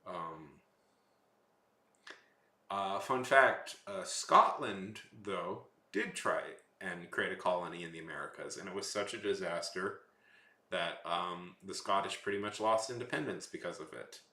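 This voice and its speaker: Casting: young man with a lowish voice, rambling casual streamer, echoey room. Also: unhurried, bright, forceful tone. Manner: rambling, lots of fillers and trailing off. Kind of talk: casual chat while drawing on stream.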